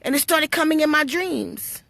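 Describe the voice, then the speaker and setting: A woman's voice: high-pitched, normal speed, creaky, a bit bright, no room sound. A woman telling her spiritual story to live-stream viewers, blunt and full of swearing, preachy and storytelling. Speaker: livestream host.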